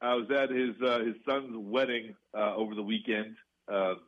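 A man's voice: fairly low pitch, fairly even intonation, moderate pace, highs cut off. A young man co-hosting sports talk radio, rambling casually with fillers and laughs. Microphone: studio radio mic.

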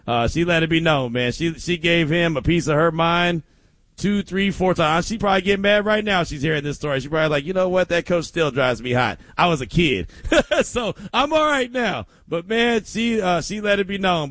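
A middle-aged man hosting a sports radio show, chatting casually and telling stories in an animated way. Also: on the high side, fairly quick, no room sound. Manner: animated storytelling with laughs.

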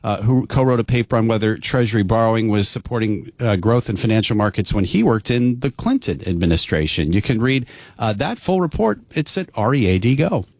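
A man co-anchoring the news in a relaxed, conversational way with some fillers. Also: fairly low pitch, a little fast, no room sound.

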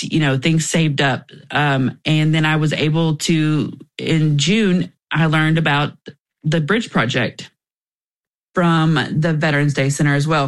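A young woman, a guest in an interview, telling her personal story candidly and emotionally, with restarts along the way. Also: low voice.

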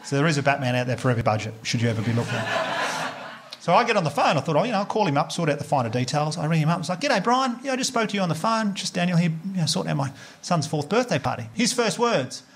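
A man in his thirties with an Australian accent, doing stand-up storytelling, lively and swearing, laughing through punchlines and acting out what people said. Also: on the high side, racing, a little hiss or hum. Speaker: stand-up comedian.

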